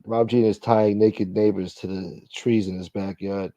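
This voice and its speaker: A man's voice: on the low side, steady tone, normal speed, few pauses, dark tone, dry recording. A man hosting a casual livestream, reading viewer comments aloud in a blunt, profane, wisecracking way. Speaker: livestream host. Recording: dull, lo-fi dry sound.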